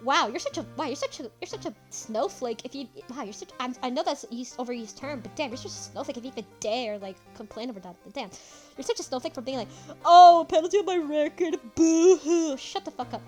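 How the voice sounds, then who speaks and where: High-voiced woman joking while gaming. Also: expressive, quick pace, faint music behind. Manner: laughing, blunt and sweary. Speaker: let's play gamer. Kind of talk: casual gameplay commentary.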